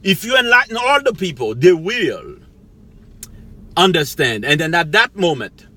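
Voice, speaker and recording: A man's voice: fairly high pitch, big pitch swings, a little slow, pushed and bright. A middle-aged man giving a rambling motivational monologue as a life coach, preachy, laughing to himself now and then. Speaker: life coach, channel host.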